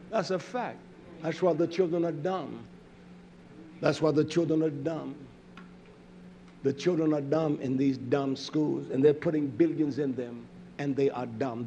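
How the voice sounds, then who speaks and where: A preacher delivers a sermon with a scornful edge, hammering phrases through repetition and lurching from loud bursts to quiet mutters. The recording carries a little hiss or hum.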